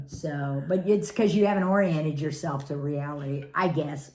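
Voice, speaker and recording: A middle-aged woman with a lowish voice chats casually to the camera as a family caregiver. She laughs often as she tells her stories. Her delivery is relaxed and conversational. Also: measured pace. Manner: chatty, laughs often while telling stories. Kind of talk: casual storytelling vlog.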